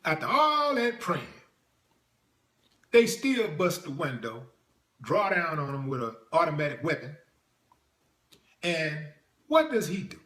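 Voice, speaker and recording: Sarcastic man with a lively voice. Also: a little high, a little slow, long pauses, reverberant. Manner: blunt, sarcastic, mocking impressions. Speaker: video commentator. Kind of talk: reaction commentary.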